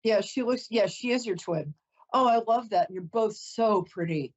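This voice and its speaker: Emotional chatty psychic woman, husky. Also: mid-range voice, normal speed, highs cut off. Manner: emotional, chatty, apologetic, tearing up. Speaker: psychic host. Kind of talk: psychic reading for a caller.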